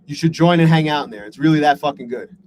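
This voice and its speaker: A fairly high-voiced man streams his day trading live and talks straight to his viewers. He is frustrated and self-deprecating, swearing freely. Faint background noise runs under his voice. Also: fast talker, darkish tone, poor audio. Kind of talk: live stream talking to chat.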